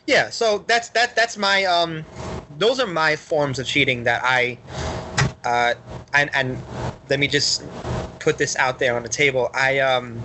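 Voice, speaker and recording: An excitable man with a New York accent co-hosts a casual podcast. His voice is bright and forceful, with frequent laughter and rambling restarts. A faint noise sits behind him. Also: mid-range voice, a little slow. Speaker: podcast co-host.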